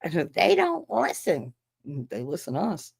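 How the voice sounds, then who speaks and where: A woman, a schoolteacher, chatting casually on a stream and telling an animated family story with blunt language and bursts of laughter. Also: low-pitched, normal speed, gravelly, slightly rough. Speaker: livestreamer and schoolteacher.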